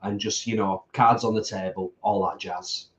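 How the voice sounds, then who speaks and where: A middle-aged man co-hosting a casual mukbang chat, earnest and deliberate, repeating points for emphasis. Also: lowish voice, little pitch movement. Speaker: co-host. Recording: roomy, slightly dull home recording.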